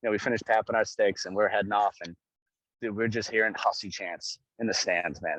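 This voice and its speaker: Low-voiced man telling an excited story. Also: fairly quick, no room sound, poor audio. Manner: excited, swears, repeats phrases. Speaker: guest, pro hockey goaltender. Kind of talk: casual emotional storytelling.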